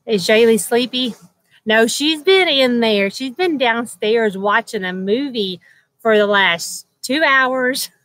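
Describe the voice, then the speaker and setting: At home beside a loud air conditioner, a woman hosts a relaxed livestream, chatting casually, greeting viewers by name and laughing often. Her voice is slightly high with a bright, crisp edge, and she speaks slowly. The rough recording is dry, close and free of echo.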